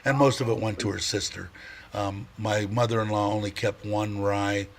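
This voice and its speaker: A man's voice: on the low side, steady tone, moderate pace, vocal fry. A middle-aged man hosting a casual livestream, rambling and chatty, laughing often and stopping to restart his sentences. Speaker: livestream host.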